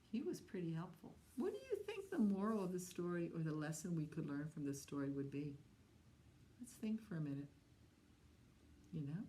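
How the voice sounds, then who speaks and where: A woman hosting a library storytime, talking slowly and gently to young children as she tells fables. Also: on the low side, slight background noise. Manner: slow, gentle and animated, talking to young kids. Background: autoharp she plays before the story.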